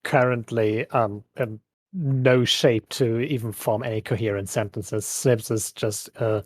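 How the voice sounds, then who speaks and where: Slow, hesitant man playing a tabletop game. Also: medium pitch, steady tone, a little mellow, dry recording. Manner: slow, hesitant, lots of fillers. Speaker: player. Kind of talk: describing his character in a tabletop game.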